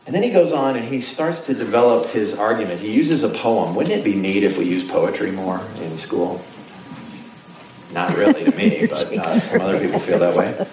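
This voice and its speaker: Pitched fairly low and moving at a moderate pace, this male preacher delivers his sermon with animated, jokey energy, mimicking how his listeners sound. It was captured in a church sanctuary on a distant mic, so the audio is roomy with a faint layer of noise.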